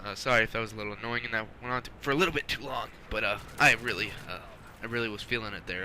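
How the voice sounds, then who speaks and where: A man's voice: medium pitch, pushed and bright, slight background noise, poor audio. A man hosting a gaming channel, chatting casually over gameplay in a rambling way with many self-corrections.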